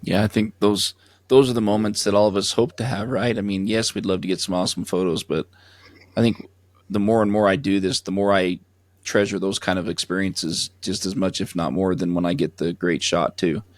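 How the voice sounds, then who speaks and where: A man with a very low voice speaks as a podcast host, in relaxed conversation. He responds to his guest in a reflective, agreeable way, and the recording is dry, with no room sound. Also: brisk, no room sound. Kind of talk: casual chat.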